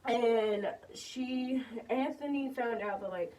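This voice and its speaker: A woman's voice: a little high, slow pace, a little mellow, recorded from a distance, low-quality recording. A young woman casually reacting to and reviewing a TV episode, rambling with lots of fillers and repeated words. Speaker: TV reaction vlogger.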